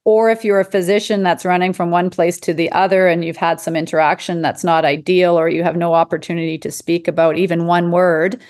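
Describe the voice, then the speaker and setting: Woman physician guest, conversational, animated, quotes others in her stories, laughs easily. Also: fairly low pitch, a little fast, few pauses. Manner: animated storyteller, acts out quotes, laughs often. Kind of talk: casual conversation.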